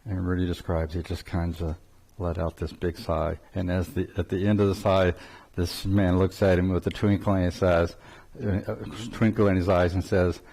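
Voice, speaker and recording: An older man leads a spiritual talk, his fairly low voice wandering through a story with restarts. He chuckles often as he speaks. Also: flat delivery, normal speed, gravelly, darkish tone. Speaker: spiritual teacher.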